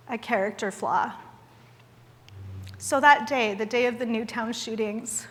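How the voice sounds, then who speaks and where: A woman's voice: a little high, measured pace, pauses often, a bit bright. A woman in her forties from Idaho gives an earnest, candid speech at a charity gala, mixing wry humor into a personal story. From Idaho, USA. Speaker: guest speaker at a charity gala. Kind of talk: public speech. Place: large event hall. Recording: long hall reverb.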